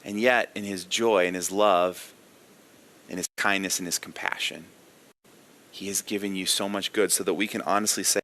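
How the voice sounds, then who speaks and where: Earnest, bright-voiced male pastor. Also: low voice, steady tone, normal speed, slight background noise. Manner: earnest, emphatic, asks the listener direct questions. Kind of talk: daily devotional sermon.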